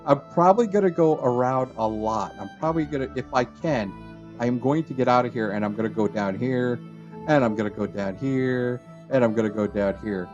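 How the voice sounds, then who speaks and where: A man giving a rambling, chatty let's-play commentary on a game, trailing off and restarting, with sudden excited jumps in pitch. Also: a little fast, muffled recording, soft background music. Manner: excited bursts of high pitch at discoveries. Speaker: gaming channel host.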